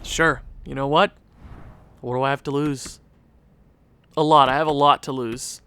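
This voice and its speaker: A man's voice: mid-range voice, fairly even intonation, unhurried, sharp tone, smooth. A young man giving casual gameplay commentary as a video creator, ranting in exasperation at the game with sighs and rueful laughs.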